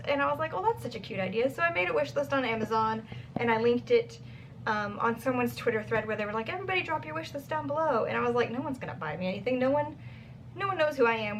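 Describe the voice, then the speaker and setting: A bubbly young woman talking about books in a casual vlog, her voice set a little high. She chats freely with plenty of "like" fillers. She sits a bit back from the mic, with faint noise behind her. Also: a bit bright, distant mic. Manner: bubbly, chatty, lots of "like" fillers. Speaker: book vlogger.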